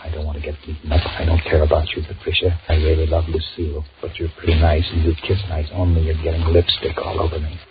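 A man's voice: very deep voice, completely flat delivery, quick pace, hardly any pauses, very noisy. An actor playing a flustered young man caught between two women, in an anxious, self-mocking inner monologue in 1940s radio acting style. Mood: coaxing. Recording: dull lo-fi old radio recording with music.

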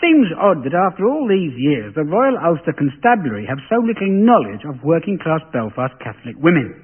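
Male comic host, arch and camp, animated pitch. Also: brisk, slightly rough. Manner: arch, camp, deadpan storytelling. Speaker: comedy show host. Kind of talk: stand-up monologue. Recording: tinny lo-fi broadcast audio.

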